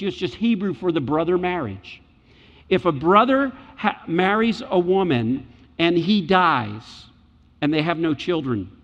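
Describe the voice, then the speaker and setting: A man preaching a sermon, animated, acting out quoted voices and climbing high when excited. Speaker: pastor. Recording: dull sound with long hall reverb.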